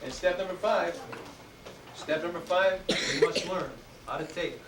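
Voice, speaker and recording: A man giving a motivational talk to young students, drawing out key words and prompting them to answer back. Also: sits high. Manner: call-and-response, drawn-out emphatic words. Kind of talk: motivational talk to a youth audience. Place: indoor room with students and adults. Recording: echoey room, distant mic, noisy.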